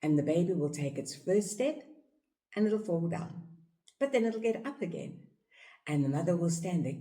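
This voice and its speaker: A woman's voice: normal speed, long pauses. A woman with a South African accent giving a reflective teaching talk on life outlook, repeating phrases for emphasis. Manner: acts out parents' voices in a high, excited tone. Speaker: yoga teacher and speaker.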